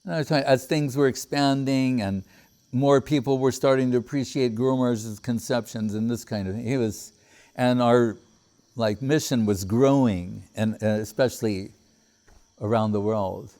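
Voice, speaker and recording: A man's voice: medium pitch, fairly even intonation, moderate pace, warm tone. A middle-aged man giving a devotional talk, reflectively telling stories about his teacher. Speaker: spiritual teacher.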